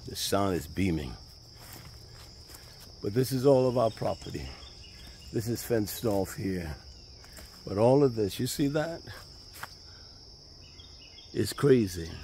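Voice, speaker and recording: Low-voiced man walking outdoors. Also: animated, takes it slowly, long pauses, mellow. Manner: folksy, conversational, Southern US speech. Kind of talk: casual walking video tour. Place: outdoors by a pond in the countryside. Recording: faint outdoor noise. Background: birds and insects.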